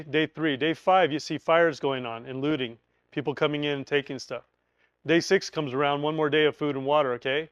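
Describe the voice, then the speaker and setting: A man teaching emergency preparedness, talking through a scenario in an animated storytelling way and acting out quoted voices. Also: on the high side, clean tone, dry recording, muffled recording.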